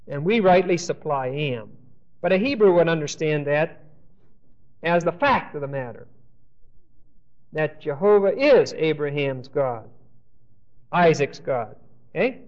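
High-voiced man teaching a Bible class. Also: lively intonation, normal speed, pauses often, a little mellow, highs cut off. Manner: checks in with the class, asking questions and saying "okay?"; reads scripture aloud and explains it.

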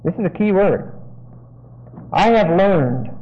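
A man with a high voice delivers a verse-by-verse sermon. He digresses, unpacks Greek grammar, and keeps asking "okay?". The recording sounds muffled and lo-fi. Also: lively intonation, slow pace, long pauses. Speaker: Bible teacher. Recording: dull lo-fi sound.

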